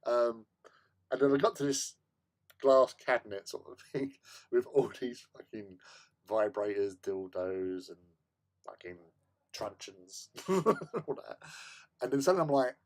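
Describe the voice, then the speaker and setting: Male hobby streamer, animated storyteller, laughs a lot, trips over his words. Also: mid-range voice, measured pace, long pauses. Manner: animated, laughs often, stammers and repeats words. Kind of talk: casual storytelling chat. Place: home hobby room.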